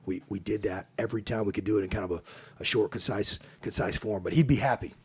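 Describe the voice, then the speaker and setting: A man with a rough, husky voice, sitting low in pitch, recounts old team stories for a podcast. He slips into quoted voices and laughs as he goes, animated in his telling. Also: fast talker. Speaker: podcast guest. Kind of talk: casual storytelling conversation.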